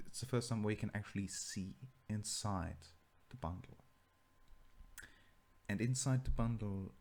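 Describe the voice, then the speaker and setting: A man's voice: fairly low pitch, a little mellow. A man narrating and running a tabletop role-playing game as game master, chatty and teasing. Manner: chatty and teasing, laughs often.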